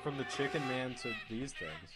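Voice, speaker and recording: A man's voice: mid-range voice, expressive, normal speed. A man hosting a let's play, chatting casually and giggling, often reading aloud in a theatrical way. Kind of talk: casual gaming banter. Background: game music.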